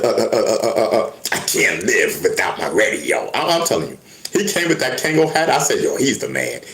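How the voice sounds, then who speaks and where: A man talking casually to camera, stammering and restarting often as he tells stories. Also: fairly high pitch. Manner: animated storytelling with many restarts and stammers. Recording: echoey room.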